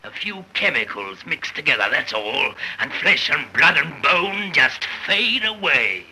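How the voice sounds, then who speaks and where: An actor playing a megalomaniac invisible scientist in 1930s film style, with a husky, grandiose, menacing delivery. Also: male voice, a little high, very animated, measured pace, pushed and bright, full character voice, poor audio. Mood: gloating. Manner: grandiose, gloating, ends in a mad laugh.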